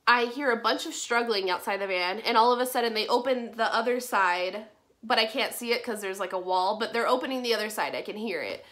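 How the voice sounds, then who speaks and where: A woman's voice: a little high, brisk, a bit bright. A young woman casually telling a personal story on her vlog, frank and full of swearing and "like". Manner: frank, swears a lot, heavy use of "like". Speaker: vlogger.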